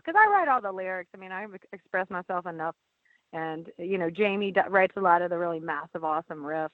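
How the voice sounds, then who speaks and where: A woman's voice: fairly low pitch, expressive, a little fast, no echo. A woman who writes a band's lyrics, talking casually in an interview, blunt and swearing freely, with lots of fillers. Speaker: band lyricist and singer. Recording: tinny phone-like line, dry.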